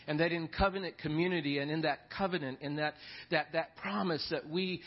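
A man preaching a sermon in a church sanctuary, his voice sitting a little high for a man. He talks in a folksy, rambling way, repeats his words and drifts into storytelling asides. The church recording sounds dull and lo-fi. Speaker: pastor. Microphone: lapel mic.

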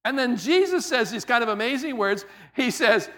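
Guy preaching a sermon, pretty high voice, chatty, repeats himself for emphasis. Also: animated, moderate pace, fairly bright tone. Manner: conversational preaching, stacked repetitions and emphatic restatements. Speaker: pastor.

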